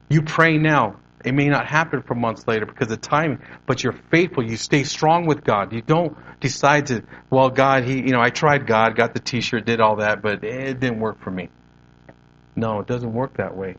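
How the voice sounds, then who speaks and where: A man preaching a sermon, animated and conversational, moving his hands as he talks. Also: medium pitch, dull audio. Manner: animated preaching with hand gestures. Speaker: pastor.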